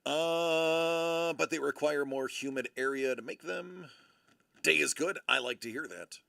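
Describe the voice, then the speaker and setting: A man hosting a casual livestream, with a gravelly, bright voice that swoops through a lively pitch range. He rambles and often restarts his sentences. His voice sits fairly high for a man. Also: measured pace. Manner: rambling, animated, self-correcting. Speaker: livestream host. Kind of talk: casual live-stream chat.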